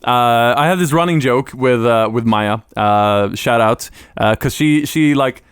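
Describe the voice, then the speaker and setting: A man's voice: mid-range voice, unhurried, clear, resonant tone, dry recording, studio quality. A young man from Sweden with a light Swedish accent in English, co-hosting a podcast in a hesitant, self-deprecating way. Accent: light Swedish, mostly American-sounding English. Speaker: podcast co-host. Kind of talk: casual chat.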